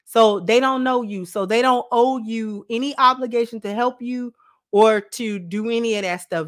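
A woman's voice: fairly high pitch, normal speed, dry recording, clean studio sound. A woman hosting and commenting on a clip, blunt and scolding. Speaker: host and commentator. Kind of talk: reaction commentary.

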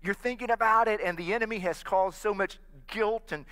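A man's voice: high voice, fairly quick, a bit bright, clean tone. A man preaching a sermon as pastor, earnest and inviting the congregation to repeat phrases after him. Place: church sanctuary. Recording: long reverb of a church hall.

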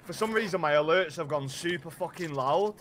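A man's voice: a little high, a little fast, a crowd in the background. Chatty streamer man. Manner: relaxed, chatty, greets viewers between callouts. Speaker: streamer and squad player. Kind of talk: casual game voice chat.

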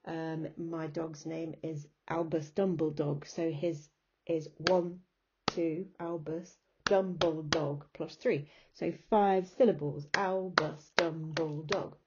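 A woman's voice: low voice, steady tone, slow pace, dull audio, heavy background noise. A woman teacher giving a recorded remote lesson, patiently explaining step by step and chanting rhythms aloud. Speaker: English teacher.

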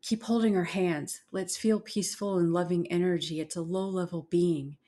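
A woman's voice: on the low side, fairly even intonation, normal speed, warm tone, natural voice. A woman voicing a loyal female friend, speaking urgently and encouragingly. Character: caring loyal female friend, a spirit helper.

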